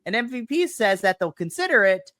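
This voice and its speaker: A man co-hosting a wrestling podcast, recapping the show in a playful, animated way and acting out quotes. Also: high-pitched, a little fast, no echo, clean studio sound. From US West Coast. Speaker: podcast co-host. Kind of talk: casual chat, wrestling review. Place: home.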